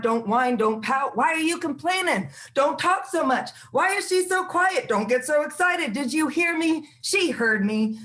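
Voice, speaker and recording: A woman's voice: sits high, a bit bright. A woman performing her spoken word poem at an open mic, in a rhythmic delivery of short phrases.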